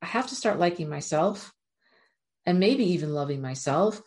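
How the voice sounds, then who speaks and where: A woman with a low, deep-set voice speaks straight to her viewers in an earnest, encouraging motivational talk. She addresses them directly and keeps urging them on. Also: expressive, normal speed, a little mellow. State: near tears at moments. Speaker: self-help speaker.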